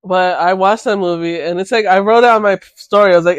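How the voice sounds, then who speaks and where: A man co-hosting a casual podcast, chatting offhandedly about films with quick asides. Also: high voice, steady tone, no echo. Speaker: podcast co-host. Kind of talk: casual chat.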